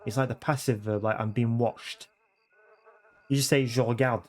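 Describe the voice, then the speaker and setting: A chatty man talks loosely to his stream viewers from a room at home, at an average pitch. He repeats words, stops mid-phrase and corrects himself, keeping a relaxed, rambling flow. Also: moderate pace. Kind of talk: casual livestream chat.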